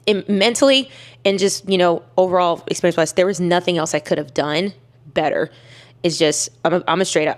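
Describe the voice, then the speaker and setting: A young woman telling a personal story to camera in a candid, emphatic way, with many fillers and restarts. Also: fairly low pitch. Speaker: weightlifter vlogger.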